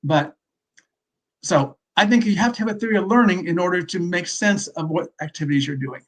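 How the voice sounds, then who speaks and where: A man's voice: sits high, fairly quick. A man from the US West Coast, a literacy expert guest explaining his points in a casual, conversational panel discussion.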